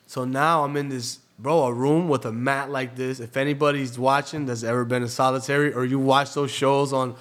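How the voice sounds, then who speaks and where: A man's voice: medium pitch, steady tone, moderate pace, few pauses, fairly bright tone. A young man from Florida, a guest on a podcast, telling a story in casual, streetwise talk, swearing freely and calling the host bro.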